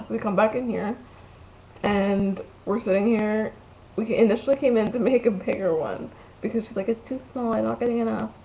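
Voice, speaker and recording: A woman's voice: mid-range voice, creaky, darkish tone, a little hiss or hum, rough recording. A tired young woman rambling and swearing through a story into her computer's webcam at home. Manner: rambling, loses track, crude swearing. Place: room at home.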